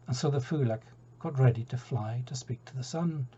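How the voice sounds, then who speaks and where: A man's voice: medium pitch, normal speed, mellow, a little hiss or hum. A Scottish man telling a folk tale aloud in a chatty way, with asides to his listeners. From Scotland. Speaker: storyteller. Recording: dull lo-fi recording.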